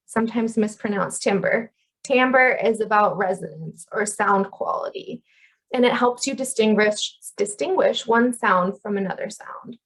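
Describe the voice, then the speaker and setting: A woman in her thirties giving a lesson on communication. Her voice carries a gravelly fry as she explains each idea clearly. She punches key terms through with lively stress. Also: medium pitch, low-quality recording. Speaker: communication instructor. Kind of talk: educational video lecture.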